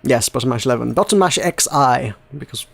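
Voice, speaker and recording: On his casual video game podcast, a man rambles, swears, and laughs while he talks. He speaks a little fast in a mid-range voice with lively intonation and some vocal fry.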